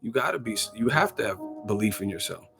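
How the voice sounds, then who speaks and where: A man's voice: lowish voice, expressive, quick pace, gravelly, fairly bright tone, soft background music. A man from the Bay Area hosting his own channel, giving a casual, joking, profane rant that is full of acted-out quotes. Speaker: boxing commentary channel host.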